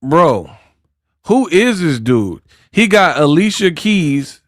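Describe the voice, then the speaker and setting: A man's voice: on the high side, sing-song, slow, dry recording, studio quality. A man hosting casual boxing commentary, trash-talking and joking. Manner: trash-talking, joking, breaks into song and mock accents.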